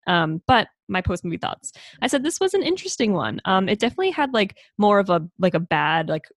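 A young woman co-hosting a casual chat, relaxed and wry. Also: medium pitch, fairly quick, no room sound, clean studio sound. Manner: relaxed and wry, with frequent ums and laughs. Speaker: podcast co-host. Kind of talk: casual chat recapping a movie.

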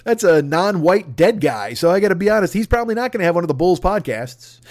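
A man ranting on a comedy podcast, profane and rambling, with frequent exasperated outbursts. His voice sits a little higher than most men's, and it is recorded dry and close on a studio mic with no room sound. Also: sing-song, fast talker, hardly any pauses, a little mellow, no echo.

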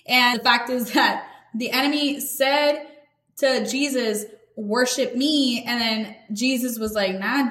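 A woman's voice: on the high side, fairly bright tone. A woman hosting a podcast, giving a casual, earnest faith talk in a conversational, slangy way. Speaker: podcast host. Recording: echoey room.

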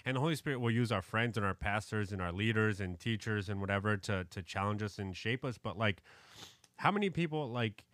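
A man's voice: on the low side, a little fast, fairly bright tone, dry recording. A man talking casually about faith on a podcast, loose and conversational with lots of fillers. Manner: conversational, many fillers like "you know, like".

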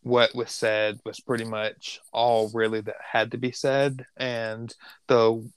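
Slow, smooth-voiced podcast co-host. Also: medium pitch, level tone, dry recording. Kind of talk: casual podcast chat.

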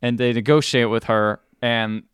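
A man's voice: mid-range voice, fairly even intonation, moderate pace, fairly bright tone, clean tone, no echo, studio quality. A man hosting a podcast, rambling and correcting himself as he recaps a confusing movie. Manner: rambling, self-correcting storyteller acting out scenes. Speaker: podcast host. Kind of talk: casual chat recapping a movie.

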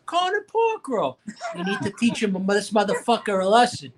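A man's voice: high-pitched, wildly swooping pitch, moderate pace, background noise. A man voicing an angry, profane local man who sneers at an outsider. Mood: mocking anger. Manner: profane, mocking, shouting.

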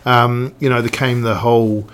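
A middle-aged man with a New Zealand accent, a guest and longtime snowboard industry figure, tells stories in a casual podcast chat, often restarting and using fillers as he rambles. His medium-pitched voice is a bit bright, with little pitch movement, at normal speed.

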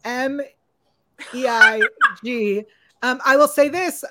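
A woman's voice: high-pitched, very noisy. A woman co-hosting a podcast in casual, hedging chat. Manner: chatty, hedging, with filler pauses. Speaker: podcast co-host.

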